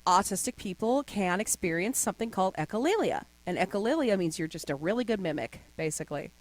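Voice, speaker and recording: A young adult woman appears as a podcast guest, talking fast in a medium-pitched voice with no echo. She tells stories animatedly in casual chat and now and then slips into voices.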